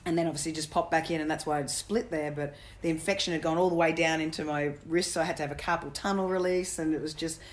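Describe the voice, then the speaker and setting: A woman's voice: low voice, fairly even intonation. A middle-aged woman, a former cricketer, telling jokey stories in a casual interview. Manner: quick, jokey anecdotal storytelling. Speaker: guest, former cricketer and coach.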